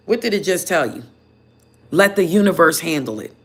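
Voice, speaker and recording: A woman tarot reader casually telling viewers a story in an animated, chatty way, full of "you know" fillers. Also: fairly low pitch, normal speed, slightly rough. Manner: animated, chatty, heated when retelling.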